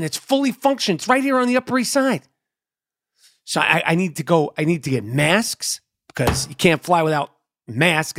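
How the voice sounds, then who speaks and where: A middle-aged man, ranting in a crude, rambling comedy monologue full of repetition and swearing. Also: high voice.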